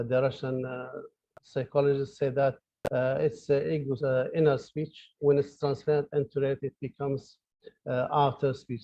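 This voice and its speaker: A man's voice: fairly high pitch, creaky, warm tone, no echo. Man, online lecture, hesitant with fillers, dry lo-fi recording. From Libya. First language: Arabic. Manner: hesitant, many fillers and restarts. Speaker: professor lecturing. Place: his office.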